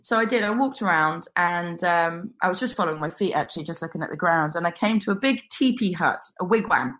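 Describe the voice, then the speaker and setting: Low-voiced woman telling a story. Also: a little fast. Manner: animated, acts out quotes. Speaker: guest. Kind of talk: personal storytelling.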